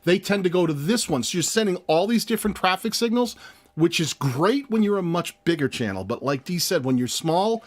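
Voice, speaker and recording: A man co-hosting a live stream, explaining in a casual, animated way as he clicks through screens. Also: high voice, a little fast. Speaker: co-host of a channel review live stream.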